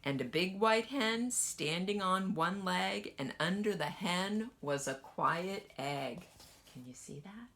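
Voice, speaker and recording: A woman kindergarten teacher gently reading a picture book aloud to children and asking them questions as she goes. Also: fairly low pitch. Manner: slow, lively sing-song storytelling.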